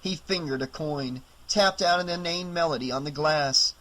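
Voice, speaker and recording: A man reading a horror novel aloud as audiobook narrator, in a steady, even reading voice. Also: fairly high pitch, moderate pace, few pauses, low-quality recording. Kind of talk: scripted narration.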